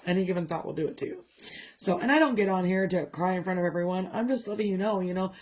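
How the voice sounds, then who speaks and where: A woman's voice: on the low side, fast, darkish tone. A middle-aged woman chatting candidly to her viewers, rambling and open about her grief. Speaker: vlogger. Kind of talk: casual chat.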